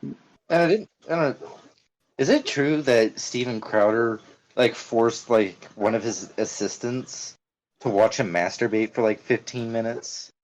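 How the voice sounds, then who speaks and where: A man's voice: mid-range voice, a little slow, darkish tone, poor audio. A man joking around in a casual livestream chat, teasing his friends and trying to stir up a fight.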